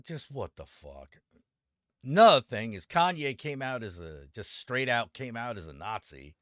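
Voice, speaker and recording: A man's voice: medium pitch, very animated, measured pace, fairly bright tone, dry recording, clean studio sound. A man live-streaming and chatting with viewers, ranting with a lot of swearing and greeting people by name. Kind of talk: casual live-stream chat.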